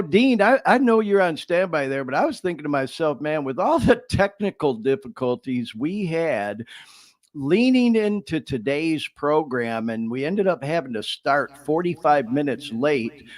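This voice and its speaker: Swearing podcast host, lively delivery. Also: male voice, a little high. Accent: Midwestern American. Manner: profane, conversational, addresses listeners as y'all. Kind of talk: casual podcast monologue.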